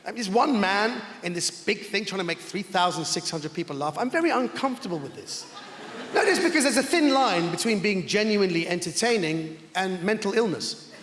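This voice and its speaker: A man doing stand-up in a big theatre, his high voice swooping all over the place and breaking into shouts. The sound is roomy with long reverb, and a loud crowd laughs behind him. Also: brisk, slight background noise. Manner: animated, bursts into shouts. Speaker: stand-up comedian. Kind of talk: stand-up comedy. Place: large theatre stage. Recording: echoey hall, crowd laughter.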